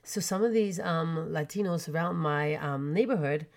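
A woman in her forties from Canada, telling personal stories in a chatty, animated way with many fillers. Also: low-pitched, normal speed, vocal fry. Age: 40s. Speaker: podcast host. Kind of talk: storytelling chat.

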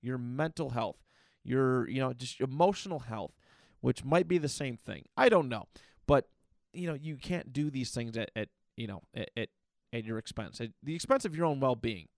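Gravelly man musing on a podcast. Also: mid-range voice, animated, moderate pace, darkish tone, no echo, studio quality. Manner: rambling, with frequent restarts and fillers; candid and reflective. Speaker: podcast host. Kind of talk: casual personal monologue.

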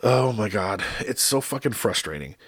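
A man's voice: lowish voice, animated, normal speed, fairly bright tone, breathy edge, no echo, studio quality. A man telling stories in a casual, profane rant, acting out quotes with exasperation. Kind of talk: casual ranting monologue.

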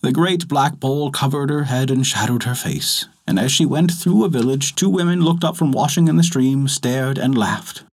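A man narrating a folktale aloud in an expressive, lilting read-aloud delivery. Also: mid-range voice, moderate pace, few pauses, husky. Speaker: storyteller.

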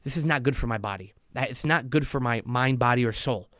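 A man in an even middle voice talks on at length, as a podcast guest on a roll. He keeps swinging into quoted voices to drive his points home. The sound is dry and close. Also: mid-range voice, no room sound. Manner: talks fast in long motivational runs, acts out quotes. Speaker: podcast guest, loan officer. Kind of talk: casual podcast talk.

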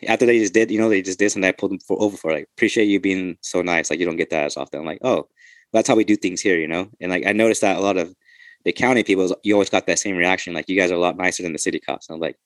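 A man's voice: deep voice, rapid-fire, no echo. A man, a police officer and podcast host, telling loose, profane stories in casual chat.

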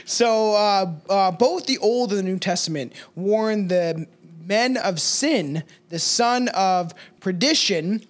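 A man's voice: sits high, takes it slowly. A man co-hosting a podcast, talking casually and telling rambling, profane stories. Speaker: podcast co-host.

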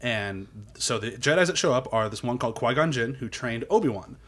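A man talks quickly in casual podcast chat, retelling a story with lots of energy. He slips into goofy voices for the quotes. His pitch sits in the middle for a man. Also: animated, fairly bright tone.

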